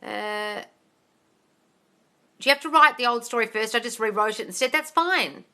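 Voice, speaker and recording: A woman hosting a live Q&A, her voice bright and forward. She reads viewers' comments aloud and answers in a blunt, no-nonsense way, swearing casually. She calls her viewers darling and guys. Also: on the high side, normal speed. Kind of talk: live-stream Q&A reading out comments.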